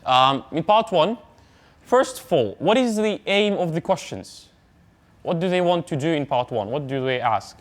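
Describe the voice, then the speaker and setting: A young man with an Uzbek accent teaching an English exam class in a relaxed, chatty way, full of fillers and asides. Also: on the high side, moderate pace. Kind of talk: classroom lecture on exam speaking.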